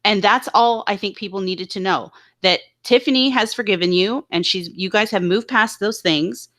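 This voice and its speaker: A woman on a livestream panel, trying to calm things down with soothing, placating words. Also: medium pitch, normal speed.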